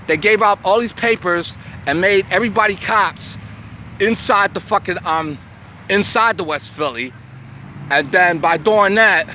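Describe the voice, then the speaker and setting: A high-pitched, sharp-toned man in his sixties from the United States rants at the camera on a city street, cursing and rambling. He keeps stumbling over repeated words in stammering restarts. The agitated clip carries faint street and traffic noise.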